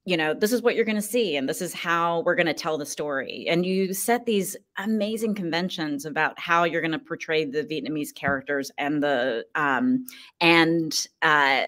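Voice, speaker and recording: A theater director in an interview, speaking earnestly and haltingly with frequent fillers. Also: female voice, deep voice, fairly bright tone. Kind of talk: casual interview conversation.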